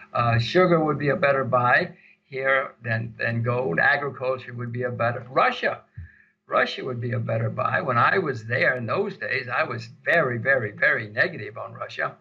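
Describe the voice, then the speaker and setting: A man's voice: mid-range voice, gravelly, breathy edge. An older man answering interview questions emphatically, repeating words for stress, on dull lo-fi audio. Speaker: interview guest.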